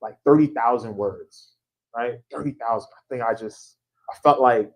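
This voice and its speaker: Animated male author telling stories. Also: medium pitch, normal speed, poor audio. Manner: animated, anecdotal, with a frequent tag question asking the audience to agree. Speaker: author discussing his book. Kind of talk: storytelling conversation before a live audience. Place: church event space.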